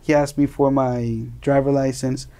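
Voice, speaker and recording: A young man from Colombia, a native Spanish speaker, telling casual stories as an interview guest, animated and laughing often. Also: medium pitch, moderate pace. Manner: animated, laughing, acts out quoted voices. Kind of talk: casual storytelling.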